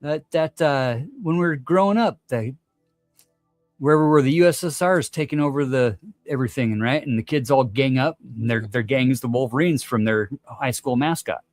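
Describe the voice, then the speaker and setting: A man spins a rambling story in relaxed slang, cursing as he goes, his voice sitting in a middle pitch. The sound is close and dry, with soft music faintly underneath. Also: a little fast, no room sound. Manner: laid-back slangy, swears, acts out voices loudly. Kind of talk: casual storytelling.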